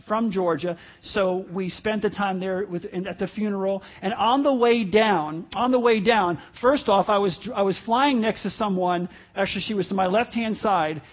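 High-voiced pastor telling a story. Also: male voice, dull audio. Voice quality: halting, self-interrupting delivery with laughs. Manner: storytelling, swings from quiet asides to loud emphasis. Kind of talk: sermon with personal story.

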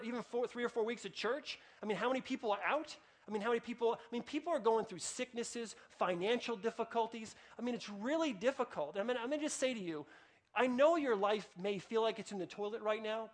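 Man, pastor, higher voice, storytelling sermon, casual. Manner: conversational storytelling, lively, drops to a hush for prayers.

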